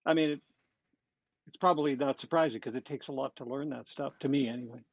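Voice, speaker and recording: A middle-aged man with a Canadian accent, a comedian talking casually in an interview and pausing often with fillers and restarts. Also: mid-range voice, gravelly, no echo. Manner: halting, with many fillers and restarts. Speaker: comedian guest. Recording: dull lo-fi dry sound.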